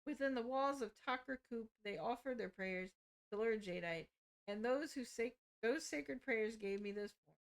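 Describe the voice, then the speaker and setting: A woman reading aloud as a gentle male spirit born from prayers, calm and solemn. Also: a little high, normal speed, lightly acted. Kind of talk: reading game dialogue aloud.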